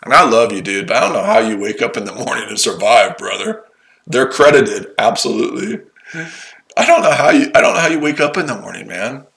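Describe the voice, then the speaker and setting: A man's voice: mid-range voice, sing-song, fairly quick, creaky, a bit bright, low-quality recording. A man hosting a live trading stream from his shed, firing sarcastic, profane comebacks at viewers in the chat. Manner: combative, sarcastic, swears, mocks the chat. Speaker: day-trading livestream host.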